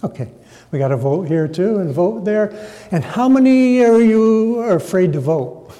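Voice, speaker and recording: A man delivers a sermon at a slow, deliberate pace, his voice fairly high for a man yet soft and mellow. He dramatizes key words and turns to the audience for a show of hands. The sound carries the long reverb of a large hall. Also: lively intonation. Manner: dramatic emphasis, polling the audience. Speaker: preacher.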